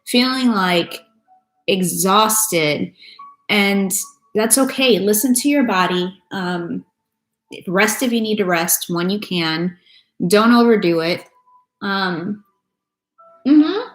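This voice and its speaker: A woman's voice: medium pitch, animated, slow pace, long pauses, faint music behind. Chatty woman doing a tarot live stream. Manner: chatty, loose and swearing, greets viewers by name. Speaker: tarot reader. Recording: echoey room with faint noise.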